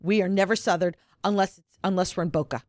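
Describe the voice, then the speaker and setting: A woman's voice: on the low side, steady tone, quick pace, a little mellow, no room sound, studio quality. A woman from New York co-hosting a podcast, talking in a blunt, opinionated way and swearing freely. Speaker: podcast co-host. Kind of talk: casual chat.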